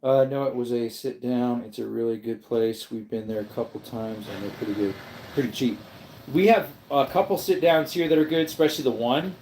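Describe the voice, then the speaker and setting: A man hosts a laid-back livestream, drifting from one thing to the next as he replies to his chat. His voice is mellow and relaxed, at an ordinary pitch for a man. The sound comes back off the walls of an echoey room. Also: a little fast. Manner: rambling, reads chat aloud and answers viewers. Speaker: livestream host. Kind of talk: casual live stream chat.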